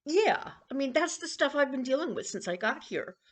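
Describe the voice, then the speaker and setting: A woman in her sixties rambling and confiding in a casual personal vlog, with coughs and throat-clearing. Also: high voice, sing-song, normal speed. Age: 60s. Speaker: vlogger.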